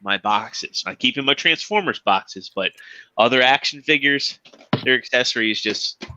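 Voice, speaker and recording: A man's voice: medium pitch, normal speed, sharp tone, lo-fi sound. A man co-hosting a podcast, chatting casually about his toy collection, rambling and restarting his sentences often. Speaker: podcast co-host. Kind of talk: casual chat.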